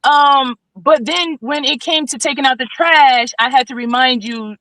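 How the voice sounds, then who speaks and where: Bright-voiced woman lecturing, keeps saying "right?". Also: high voice, moderate pace, hardly any pauses, dry recording, rough recording. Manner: animated, preachy, keeps asking "right?". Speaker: podcast guest. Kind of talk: casual podcast discussion. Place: studio.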